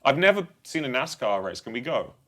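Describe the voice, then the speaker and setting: A man's voice: mid-range voice, big pitch swings, brisk, pushed and bright. A man from England with a posh English accent, chatting casually and joking as a guest musician. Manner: chatty, jokey, laughs often. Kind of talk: casual chat.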